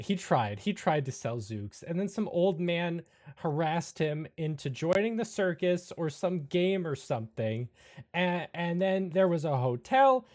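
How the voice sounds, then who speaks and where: A woman voicing a sheepish grown son of about thirty in a tabletop game, speaking low and dry. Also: a little mellow.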